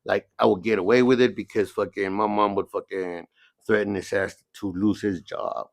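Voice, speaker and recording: A middle-aged man from the San Diego area tells rough stories in a relaxed, low-pitched voice, swearing freely and checking in with "you know what I mean." The sound is close and dry. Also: moderate pace, dry recording. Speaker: podcast guest. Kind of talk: casual storytelling, heavy cursing.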